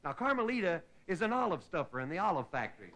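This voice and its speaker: A man's voice: high-pitched, big pitch swings, quick pace, a bit bright. A middle-aged man from Indiana, a comedian hosting his show, telling a stand-up story in a folksy way and tagging his lines with "see?". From Indiana, USA. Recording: noisy 1960s TV broadcast recording.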